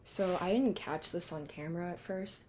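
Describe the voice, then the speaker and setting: A woman's voice: lowish voice, normal speed, darkish tone, a little hiss or hum. A young woman vlogging a casual, rambling recap with lots of fillers and giggles. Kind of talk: casual concert recap vlog.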